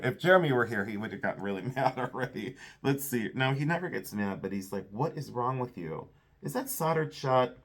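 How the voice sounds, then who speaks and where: A man's voice: mid-range voice, fairly bright tone. A man who sells vintage jewelry, giving casual, enthusiastic commentary as he sorts items and thinks aloud.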